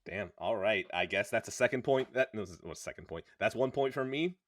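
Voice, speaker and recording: A man's voice: on the low side, expressive, fairly quick. A man hosting a casual podcast chat, joking and laughing often. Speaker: podcast host.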